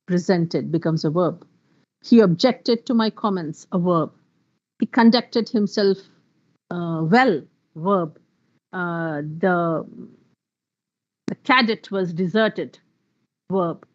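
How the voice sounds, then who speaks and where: Female workshop lecturer, mid-pitched, steady explanatory delivery, lists examples, muffled recording. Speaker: workshop speaker on pronunciation.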